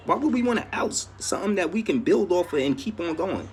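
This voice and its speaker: A man with a New York accent holds forth in a casual reaction video. His voice rides high and swings widely as he presses each point. A faint hiss sits under his voice. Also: very animated, fairly quick. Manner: exasperated, emphatic, profane. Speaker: reaction commentator.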